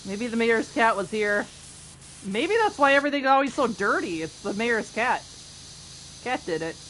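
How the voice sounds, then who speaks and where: A woman game streamer chats casually with her viewers while playing, giggling often and teasing them playfully. Her voice is on the high side, very animated and a bit bright, at a normal speed. There's a little hiss or hum in the recording.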